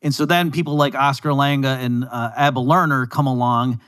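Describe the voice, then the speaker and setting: Man, host, casual economics chat, acts out quoted voices, dry sound, medium pitch. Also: moderate pace, clean tone, dry recording. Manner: talks in lively bursts, slips into voices for quoted people. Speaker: podcast host.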